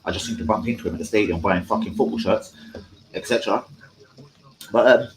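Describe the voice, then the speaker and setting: A man rambles through a live-stream football chat, full of slang and swearing. His voice sits fairly low, with a faint hum of noise behind it. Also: fairly quick, rough recording. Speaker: fan channel host.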